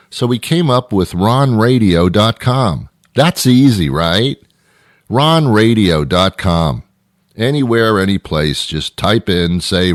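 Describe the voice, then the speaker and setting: A man's voice: low-pitched, dry recording, studio quality. A middle-aged man hosting a radio show, delivering an exasperated, rambling comedic monologue full of repeated questions.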